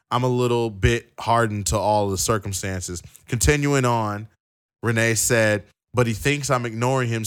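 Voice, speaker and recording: A man's voice: fairly low pitch, fairly bright tone, clear, resonant tone. A man co-hosting a casual wrestling podcast who stammers and restarts, then reads long quotes aloud. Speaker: podcast co-host.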